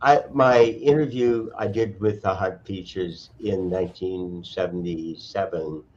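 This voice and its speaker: An older man talks in a slow, halting way, pausing to find his words. His voice sits very low. The audio has the dull, muffled sound of a lo-fi video call. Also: fairly even intonation, a little mellow, slight background noise. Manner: halting, thoughtful, frequent restarts. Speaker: cultural historian and archivist guest. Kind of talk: casual online conversation.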